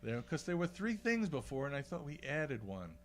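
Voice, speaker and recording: A man's voice: a little high, sing-song, normal speed, a bit bright, a little hiss or hum. A man hosting a local radio show, chatting casually and losing his train of thought with many fillers. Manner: rambling, hesitant with many fillers. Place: radio studio.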